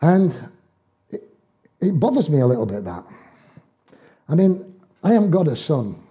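A Northern English man preaching in a chatty, folksy way, his voice very dark and mellow yet sitting a little high for a man. He slips into humorous anecdotes and laughs easily. The recording sounds dull and muffled. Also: big pitch swings, moderate pace. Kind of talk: conversational sermon with personal stories.

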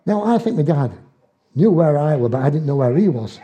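A Northern English man preaching in a chatty, folksy way, his voice very dark and mellow yet sitting a little high for a man. He slips into humorous anecdotes and laughs easily. The recording sounds dull and muffled. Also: lively intonation, a little fast. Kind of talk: conversational sermon with personal stories.

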